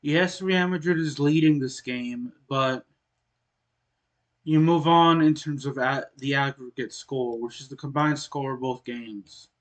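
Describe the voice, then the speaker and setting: A man casually commentating a soccer video game he is playing, explaining the score as he goes and often clearing his throat. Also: mid-range voice, measured pace. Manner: relaxed, explains as he plays, frequent throat clearing. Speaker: gaming channel host.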